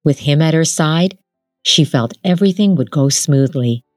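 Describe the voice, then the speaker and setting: A woman host calmly reading a novel excerpt aloud, in a gentle storytelling manner. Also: low-pitched, moderate pace, dry recording, clean studio sound, soft background music. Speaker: podcast host and reader. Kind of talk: scripted narration.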